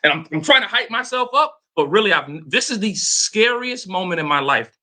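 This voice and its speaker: Telling a personal story, a man coaching as a motivational speaker uses a high, remarkably bright voice at a slightly quick pace. His delivery is dramatic and lively, and he often addresses his audience directly.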